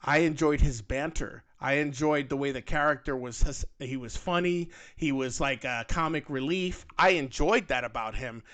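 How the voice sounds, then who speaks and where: A man co-hosting a casual fan podcast, talking in an animated, rambling way with lots of fillers. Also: medium pitch, normal speed, hardly any pauses. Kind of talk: casual panel chat.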